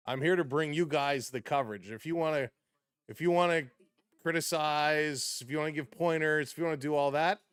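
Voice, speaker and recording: A man's voice: clear, resonant tone, no room sound. A man streaming live hockey play-by-play in a casual way, greeting chat viewers between calls and rising sharply on big plays. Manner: rises sharply in pitch and volume on big plays.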